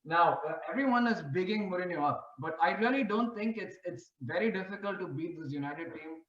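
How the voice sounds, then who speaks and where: A man's voice: sits high, brisk, roomy sound, dull audio. A man co-hosting a football podcast, talking casually and eagerly, often restarting his sentences. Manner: animated, stammering restarts. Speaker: podcast co-host.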